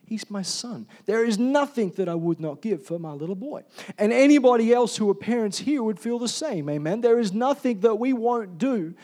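A male pastor preaching a sermon, swinging from loud emphatic calls to soft, quiet storytelling. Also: high voice, lively intonation, moderate pace.

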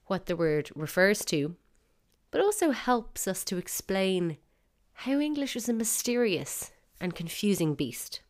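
A woman with an Irish accent hosting a comedic podcast from her bedroom, wry and mock-indignant. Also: fairly low pitch. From Ireland. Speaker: podcast host. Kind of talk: scripted comedic podcast monologue. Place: bedroom at home.

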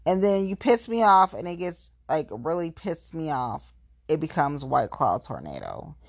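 A woman venting in a casual, profane monologue, with sudden jumps up in pitch when she gets heated. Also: sing-song, a little slow, no room sound, studio quality.

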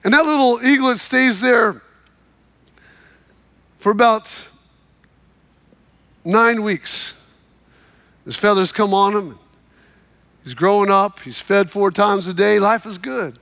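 High-voiced, bright man preaching. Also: slow pace, gravelly, pauses often, no room sound. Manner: dramatic storytelling, exhorting. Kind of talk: sermon.

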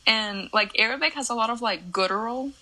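A woman's voice: a little high, brisk, bright, forceful tone, poor audio. A young woman whose first language is Spanish, co-hosting a casual podcast and explaining things earnestly. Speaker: podcast co-host. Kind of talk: casual chat.

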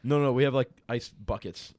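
A man's voice: mid-range voice, moderate pace, a little mellow, dry recording. A young man casually telling a rambling, profanity-laden story as a podcast co-host, with many restarts. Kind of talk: casual chat.

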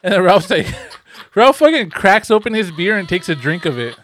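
A man's voice: high voice, very animated, normal speed, fairly bright tone. A young man telling a rambling, profane story in casual podcast chat, laughing often. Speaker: podcast co-host.

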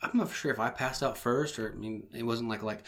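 Brief: young male podcast co-host, casual and profane, mid-pitched, acts out quotes. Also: fairly quick, a bit bright. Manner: rambling, profane storytelling with acted-out quotes. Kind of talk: casual chat.

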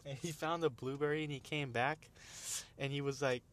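A man's voice: on the high side, fairly even intonation, unhurried, long pauses, fairly bright tone. A young man casually retelling funny videos, rambling with restarts, laughing often and using plenty of slang. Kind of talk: casual storytelling chat.

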